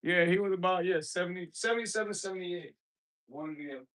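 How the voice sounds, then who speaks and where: A man with a high voice chats on his livestream, loose and slangy, drifting from thought to thought. His tone is bright and forward. He keeps breaking off to greet viewers in the chat by name. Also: quick pace, low-quality recording. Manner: rambling, talks straight to viewers in chat; loose, slangy everyday speech. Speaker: livestream host.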